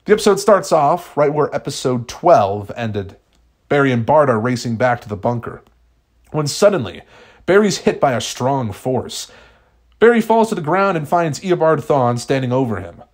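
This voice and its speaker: A man chats casually with his viewers and reads his own fan fiction episode aloud. He speaks at a middling pitch in a relaxed, friendly way. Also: normal speed. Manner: chatty, friendly sign-off. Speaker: YouTuber.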